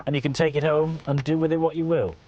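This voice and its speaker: A man's voice: fairly high pitch, fairly even intonation, fast, muffled recording, very noisy. A man presenting a sports show who keeps dissolving into laughter. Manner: giggly, prone to laughing fits. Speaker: studio presenter.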